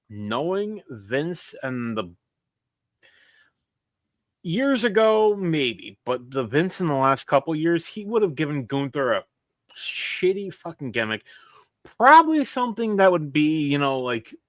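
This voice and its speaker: A man's voice: mid-range voice, big pitch swings, a little slow, fairly bright tone, no echo. A man with a New York accent, a guest on a podcast, sharing blunt, profane opinions. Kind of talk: casual podcast chat.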